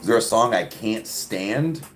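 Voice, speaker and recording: A man's voice: lowish voice, animated, unhurried, soft background music. A man hosting a casual podcast chat, rambling in a crude, joking way and laughing often. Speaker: podcast host. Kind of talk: casual chat answering viewers.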